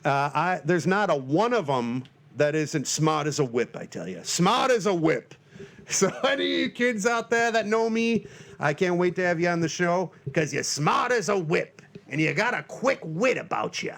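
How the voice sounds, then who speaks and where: A man in his forties hosting his own podcast alone, talking loosely with lots of fillers and breaking into shrill panicky shouts for comic effect. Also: sing-song, moderate pace, gravelly. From Northern Michigan, US. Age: 40s. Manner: loose and self-mocking, lots of fillers and restarts. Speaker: podcast host. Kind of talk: rambling solo podcast monologue.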